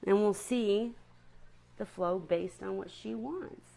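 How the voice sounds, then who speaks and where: A woman's voice: medium pitch, slow, gravelly, dark tone. A woman chatting casually to viewers on a live stream about her seahorses, often stopping to apologize.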